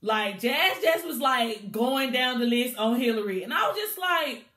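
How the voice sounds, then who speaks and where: A woman recapping a TV episode in a casual, animated way, laughing and acting out the scenes as she goes. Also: a little high, a little slow, echoey room. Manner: animated, chatty storytelling with bursts of laughter. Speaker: TV show reviewer.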